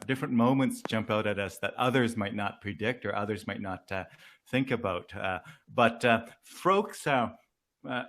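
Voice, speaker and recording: A man's voice: medium pitch, a bit bright. A man hosting an interview, asking questions hesitantly with many fillers. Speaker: interview host.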